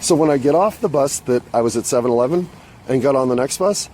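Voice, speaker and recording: A man's voice: mid-range voice, fast. A man hosting his own show, telling a rambling, profane story aloud while out on the street and riding a bus, recorded on a phone. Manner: profane, rambling, animated when retelling. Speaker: podcast host. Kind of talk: casual storytelling monologue. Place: outdoors on the street and at bus stops. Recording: faint street and traffic noise.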